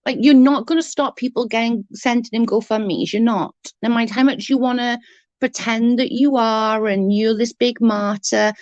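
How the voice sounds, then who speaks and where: A woman's voice: fairly high pitch, steady tone, moderate pace, no room sound, muffled recording. Chatty woman live-streaming. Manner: chatty, reads and answers chat messages; blunt, swears when annoyed. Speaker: livestream host. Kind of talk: casual live-stream chat.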